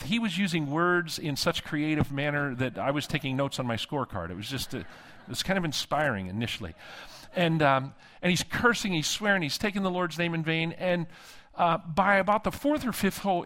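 Animated man preaching a storytelling sermon. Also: fairly high pitch. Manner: animated storytelling, acting out dialogue. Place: conference hall.

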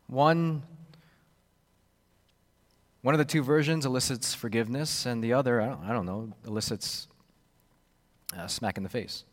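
A man preaching a sermon, expressive and repetitive, acting out the voices he quotes. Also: medium pitch, normal speed, long pauses, big-room sound. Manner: expressive, acts out quoted voices, repeats words. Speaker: pastor.

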